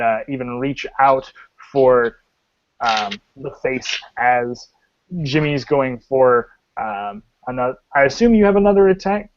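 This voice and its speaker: A man narrating a tabletop game as game master, rambling and halting with many fillers. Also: medium pitch, slight background noise. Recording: dull lo-fi sound.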